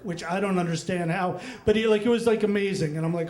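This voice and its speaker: A middle-aged man with a fairly high voice tells a personal story on stage, animated and chatty, breaking into laughter between asides. The sound is roomy, with the echo of a live event space. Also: a little fast, hardly any pauses.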